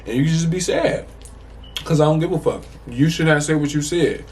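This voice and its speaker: A young man from the Chicago area telling a casual storytime to the camera, animated and profane, rambling with many restarts. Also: fairly high pitch, normal speed, slight background noise. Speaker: storytime vlogger.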